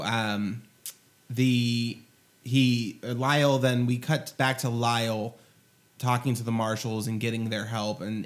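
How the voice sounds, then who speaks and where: A man co-hosting a casual movie podcast, retelling the plot with lots of fillers and pauses. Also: lowish voice. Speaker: podcast co-host. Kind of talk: casual movie review chat.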